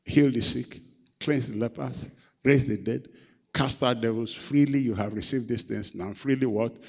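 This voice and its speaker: A man's voice: medium pitch, moderate pace, vocal fry, darkish tone. Preaching man in a reverberant church hall. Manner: repeats phrases and prompts the congregation to answer. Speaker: pastor. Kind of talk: sermon with call-and-response.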